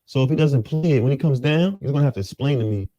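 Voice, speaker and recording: In a muffled recording, a man tells his story fast and in a mellow voice as an interview guest. Street slang fills his animated telling, and he acts out the quotes of others with jumps in pitch.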